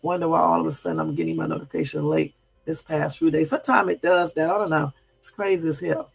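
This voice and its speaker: A man's voice: a little high, fairly even intonation, fast talker, creaky, slightly rough, faint music behind. A man hosting a casual livestream, talking in an indignant, rambling way with many fillers and chatting with his viewers. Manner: chats with and answers live viewers. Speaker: livestream host.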